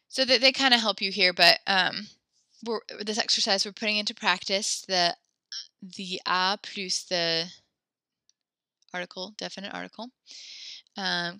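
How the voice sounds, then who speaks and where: A woman teaching a French class, giving brisk instructions that mix English and French and often correct herself mid-sentence. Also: fairly low pitch, vocal fry, pushed and bright, no room sound.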